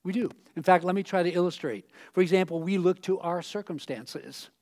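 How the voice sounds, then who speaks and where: A man pastor giving a sermon on a church stage in a conversational way, acting out quoted voices with sudden loud outbursts. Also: high voice, a little fast.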